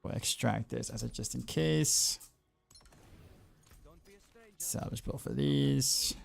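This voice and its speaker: A man's voice: mid-range voice, slow, creaky. A man casually commenting on his game as he streams, rambling and often restarting his sentences. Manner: rambling, repeats words, laughs easily. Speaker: game streamer and music teacher.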